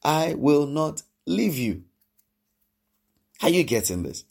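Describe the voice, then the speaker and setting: A man's voice: on the high side, big pitch swings, takes it slowly, gravelly. A man preaching a sermon, emphatic and repetitive, asking his listeners questions and acting out quoted speech. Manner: emphatic, repeats phrases, asks the congregation questions; acts out quoted speech with sudden swings in loudness.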